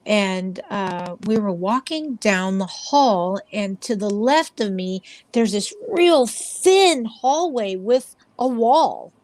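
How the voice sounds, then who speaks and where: Woman, paranormal investigator guest, casual rambling storytelling, acts out quotes, mid pitch, dry close sound. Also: expressive, takes it slowly, few pauses, darkish tone, dry recording.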